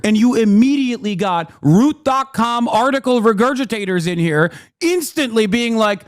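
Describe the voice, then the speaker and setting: A man's voice: very high voice, lively intonation, normal speed, few pauses, dry recording, clean studio sound. A man ranting angrily on a livestream, cursing and arguing with his chat. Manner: angry, profane, combative; shouting at times. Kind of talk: heated livestream rant.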